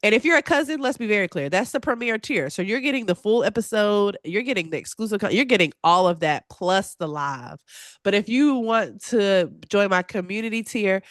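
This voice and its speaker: A woman hosting a solo podcast in a casual, chatty way, talking straight to her listeners with lively, expressive swings in her voice. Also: a little fast, dry recording, clean studio sound. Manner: animated and expressive, with big pitch swings; chatty and confiding, addresses listeners directly. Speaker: podcast host.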